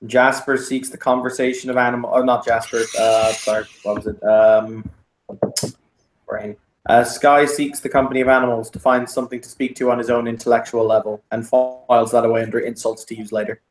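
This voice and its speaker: Wry male player, flat monotone delivery, echoey room. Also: medium pitch, a little hiss or hum. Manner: deliberate, dry and wry. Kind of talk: tabletop role-play.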